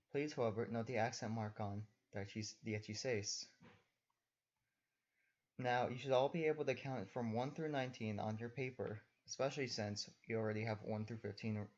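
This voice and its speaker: A man's voice: on the low side, darkish tone, lo-fi sound. A young man giving a recorded lesson, patiently explaining step by step as a teacher.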